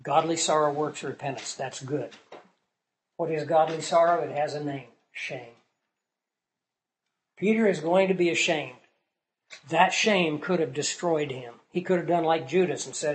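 A man teaching scripture in sermon style, asking the listeners questions and swinging from soft to loud for emphasis. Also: a little high, unhurried, pauses often, poor audio. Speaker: Bible teacher.

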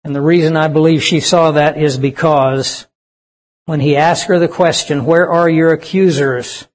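Guy preaching to young folks, emphatic, keeps asking the crowd questions, kinda high voice. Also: steady tone, normal speed. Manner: emphatic, asks the audience questions. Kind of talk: sermon to young people. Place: church service with audience.

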